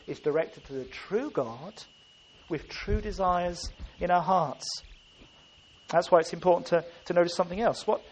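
A man's voice: sits high, slightly rough. A man preaching a sermon, earnest and emphatic, often restarting his phrases.

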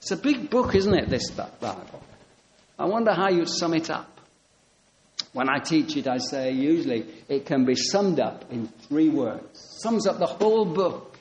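A man with a slightly high voice preaches a sermon at a moderate pace, animatedly telling stories with quoted dialogue and repeating key phrases for emphasis. The rough recording carries a little hiss or hum.

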